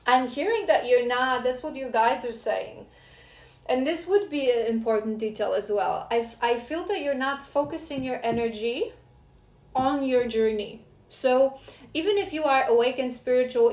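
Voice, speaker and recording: A woman's voice: on the high side, darkish tone, reverberant. A woman doing a spiritual tarot reading for her viewers, earnest and scolding by turns, with emotional asides. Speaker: tarot reader.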